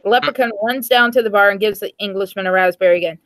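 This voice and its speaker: A woman's voice: medium pitch, fast talker, dry recording, rough recording. A woman reading jokes aloud to friends in a casual chat, giving the dialogue small changes of voice. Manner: lively joke-telling, dialogue read with small changes of voice. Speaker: host telling jokes.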